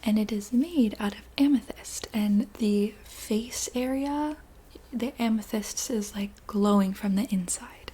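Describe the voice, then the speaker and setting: A woman narrating a guided visualization in a whispered role-play, soft and meandering, with many fillers. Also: mid-range voice, measured pace, husky. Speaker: ASMR storyteller.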